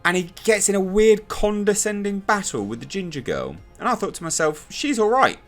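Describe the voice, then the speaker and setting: Sarcastic man with a lively voice. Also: high-pitched, brisk, soft background music. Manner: sarcastic, exasperated, mocking impressions. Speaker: TV show reviewer. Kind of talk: casual spoken review.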